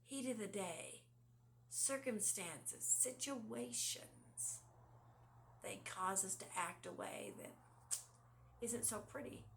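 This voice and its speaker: A woman giving a conversational devotional talk. She asks the listener many rhetorical questions, sometimes sinks to a hush, and reads scripture slowly. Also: mid-range voice, lively intonation, vocal fry, slight background noise. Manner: drops to a hushed, near-whispered delivery at times. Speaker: devotional speaker.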